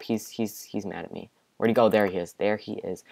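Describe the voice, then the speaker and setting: A young man giving casual let's-play commentary from his bedroom, excitable, with panicky outbursts and repeated exclamations. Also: on the low side, brisk, creaky. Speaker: gaming video creator. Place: home bedroom.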